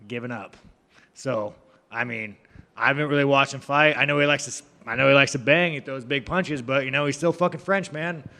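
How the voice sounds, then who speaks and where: A man's voice: mid-range voice, brisk, sharp tone, long reverb tail. A man, a fighter answering reporters, talking in a brash, profane, rambling and joking way. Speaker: fighter at a press event. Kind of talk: media scrum answers.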